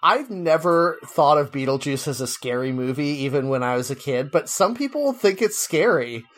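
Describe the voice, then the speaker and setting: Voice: mid-range voice, expressive, moderate pace. Dry, wry podcast co-host. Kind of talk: casual chat.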